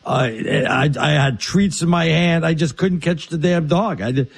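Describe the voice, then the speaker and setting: A man co-hosting a sports talk show, telling his stories in an excitable, animated way. His voice sits a little high for a man. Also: moderate pace, gravelly, husky. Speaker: co-host. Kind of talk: casual sports radio chat.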